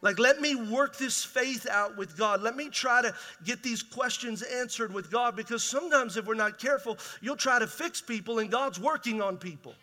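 A man's voice: very high voice, moderate pace, hardly any pauses, pushed and bright. A man preaching a conversational, emphatic sermon as pastor in a large church hall.

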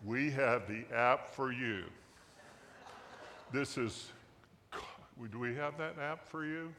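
Slow, folksy male pastor preaching. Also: medium pitch, pushed and bright, in a large hall, a little hiss or hum. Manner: folksy, joking, asks the congregation questions. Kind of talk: sermon. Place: church sanctuary.

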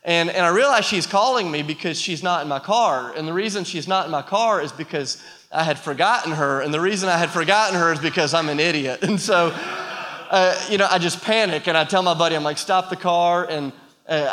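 A man's voice: a little high, sharp tone, in a large hall. A man in his thirties giving a sermon as a pastor, telling stories with a self-deprecating humor and building to passionate appeals.

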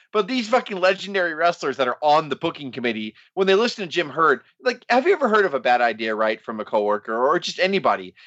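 A lively, high-pitched man rants on a casual wrestling podcast, swinging his voice up and down. His tone is bright and sharp, and he swears freely. The sound is dry and a bit dull, like a lo-fi podcast mic. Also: dry recording. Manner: animated, profane, laughing, does mocking voices. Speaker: podcast co-host.

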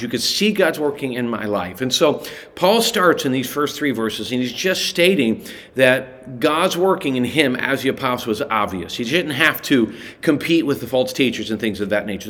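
A man teaching a relaxed daily Bible study, talking conversationally and often stopping to correct himself. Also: mid-range voice.

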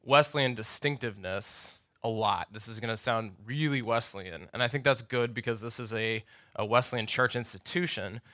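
A man's voice: medium pitch, bright, forceful tone, no room sound, studio quality. A middle-aged man, a pastor, giving a conversational lecture at a university chapel with joking asides and self-corrections.

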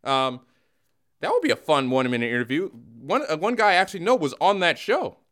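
Male host, lively, mock-dramatic sports banter. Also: on the high side, a little fast. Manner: animated, teasing, mock-dramatic. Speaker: podcast host. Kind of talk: casual comedic sports chat.

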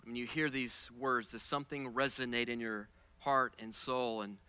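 A man preaching a sermon as pastor, moving from casual, soft asides with repeated words to loud, high-pitched passages. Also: steady tone, moderate pace, few pauses, clear, resonant tone.

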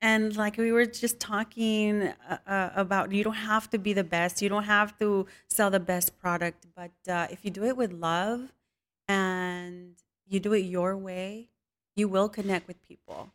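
A woman from a Mexican family talks through her story as an interview guest. She laughs easily and tells animated anecdotes, dropping in Spanish phrases along the way. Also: mid-range voice, a little slow. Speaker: guest, home cook with viral videos. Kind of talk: casual interview chat.

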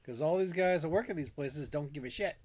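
A woman's voice: sits low, brisk, a little mellow. A woman co-hosting a podcast in casual chat, teasing her co-host and laughing often.

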